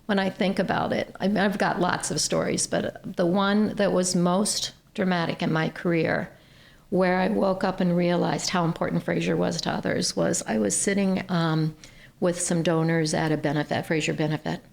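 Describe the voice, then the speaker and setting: A woman from Ohio, a nonprofit CEO, telling stories as a guest on a podcast interview in an earnest, animated way. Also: fairly low pitch, moderate pace, creaky.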